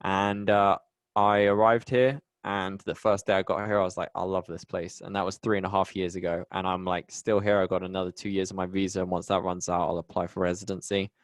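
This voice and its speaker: Deep-voiced Bristol man, chatty. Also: little pitch movement, fairly quick, no room sound. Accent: English, Bristol. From England. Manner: chatty, rambling, many restarts. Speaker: podcast host, guest. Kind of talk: casual conversation.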